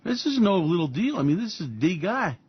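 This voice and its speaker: A man's voice: sits high, very animated, brisk, husky. A man hosting a financial commentary show, talking in a sarcastic, profane, mocking way. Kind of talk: market commentary. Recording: dull lo-fi audio.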